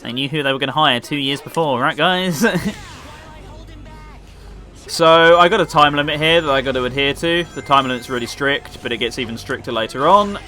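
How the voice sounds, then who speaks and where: A man's voice: medium pitch, moderate pace, sharp tone. A man giving casual, joking commentary while playing a video game, chatting to his viewers. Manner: joking and chatty, laughs often.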